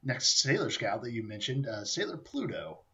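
A woman's voice: very deep voice, sing-song, normal speed, bright, forceful tone, muffled recording. A woman co-hosting a casual podcast chat, prompting her partner in a laid-back way.

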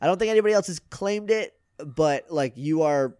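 Chatty man guest, fairly high voice. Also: lively intonation, dark tone, a little hiss or hum. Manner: chatty, plugging his shows with quick asides and laughs. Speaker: podcast guest. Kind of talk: casual podcast chat.

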